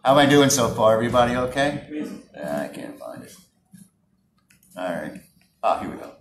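A man leading a live public speaking workshop, very animated and moving from soft talk to shouting. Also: lowish voice, normal speed, gravelly, slight background noise. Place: workshop room with an audience. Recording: roomy sound from a distance, faint ambience.

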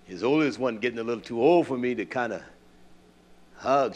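Preaching man, hushed to loud. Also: mid-range voice, normal speed. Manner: asks the congregation questions and answers them himself. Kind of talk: sermon.

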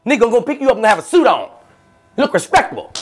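A man voicing a loud, boastful male luxury car driver. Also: sing-song, quick pace, full character voice. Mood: hyped. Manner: loud, boastful, high-pitched.

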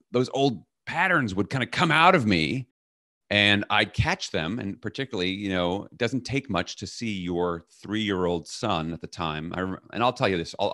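A middle-aged man, a leadership coach, telling a personal story as a podcast guest and loudly acting out the orders he quotes. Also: on the low side, no echo, clean studio sound. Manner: animated, acts out quoted commands loudly.

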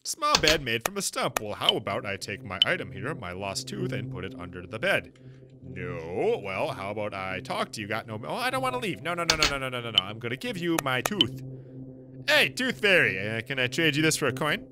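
A man's voice: medium pitch, very animated, fairly quick, background noise. A man giving chatty, wisecracking let's play commentary as he plays a game. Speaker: gaming YouTuber.

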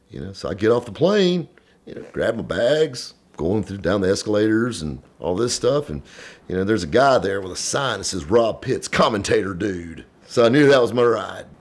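A man's voice: low voice, a little mellow. A man telling a story casually, drawling and full of "you know" fillers. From American South. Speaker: storyteller guest.

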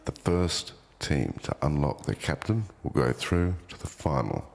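Very deep, gravelly male announcer voice. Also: very animated. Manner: measured, commanding, deliberate. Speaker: show announcer giving instructions. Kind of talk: formal scripted announcements. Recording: long reverb on the voice.

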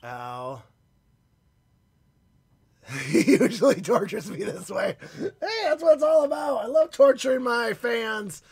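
A chatty, upbeat man hosting a live stream, greeting viewers by name in a fairly high voice that swings widely up and down. His voice is phlegmy and starting to give out, and the sound is close and dry. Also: sing-song, slow pace, pauses often, darkish tone, slightly rough, dry recording. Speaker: card-breaking stream host.

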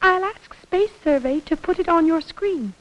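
A woman's voice: extremely high pitch, moderate pace, fairly bright tone. An actress voicing a prim, precise female alien secretary in a 1960s cartoon, speaking in formal, exact phrases. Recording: dull old cartoon soundtrack with faint hiss.

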